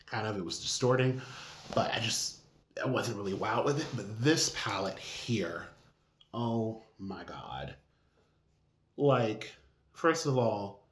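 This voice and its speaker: A man chatting casually in a makeup review vlog, expressive and gushing with drawn-out exclamations. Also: on the low side. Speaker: beauty vlogger. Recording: echoey room.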